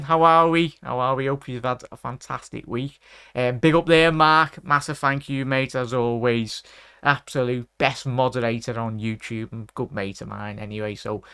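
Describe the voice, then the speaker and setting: Scouse guy ranting on his live stream, shout-outs to chat, dead dry close mic. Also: mid-range voice, fairly even intonation, unhurried, clean tone, dry recording. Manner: rambling, shouts out viewers by name; fired-up, ranting in frustration. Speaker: host of a fan watchalong stream.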